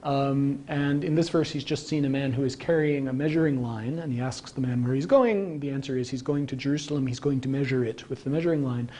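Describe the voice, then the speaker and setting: Man lecturing in a mellow voice. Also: fairly quick, few pauses. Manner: conversational, with frequent ums and asides. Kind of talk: public lecture with slides. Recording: archival local-TV lecture tape, faint rumble.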